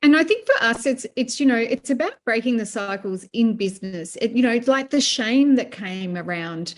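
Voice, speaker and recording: A woman's voice: fairly high pitch, lively intonation, moderate pace. A middle-aged woman guest talking about money management in a conversational interview, earnest and given to long, looping sentences.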